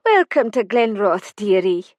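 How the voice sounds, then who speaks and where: A woman voicing a sunny, homely Highland woman chef in her sixties, in an audiobook. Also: very animated, a little slow, dry recording. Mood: cheerful. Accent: Scottish Highlands. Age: 60s. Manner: warm, homely.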